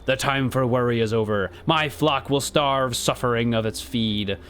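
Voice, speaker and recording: A man's voice: medium pitch, moderate pace, a bit bright, a little hiss or hum, close to an everyday voice. A man voicing a solemn male cult leader, preaching about death in a grave, archaic way, with faint game music behind. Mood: exalted. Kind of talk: reading game dialogue aloud.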